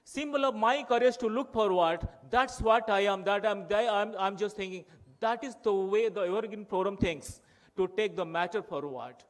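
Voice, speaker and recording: This is a man with an Odia-accented Indian English, delivering an impassioned speech to a conference hall. His voice sits high, and he circles back to the same phrases for emphasis. He builds his appeals through rhetorical questions. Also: moderate pace. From Odisha, India. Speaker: conference speaker.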